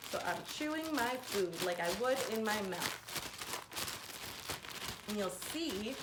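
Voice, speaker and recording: A woman giving a hands-on science lesson to children, explaining each step clearly and patiently. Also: mid-range voice, lively intonation, unhurried, heavy background noise. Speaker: science teacher. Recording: echoey room.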